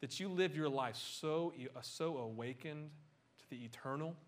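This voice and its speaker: A middle-aged man preaching a conversational sermon, animated and full of joking asides. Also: on the high side, moderate pace. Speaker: pastor.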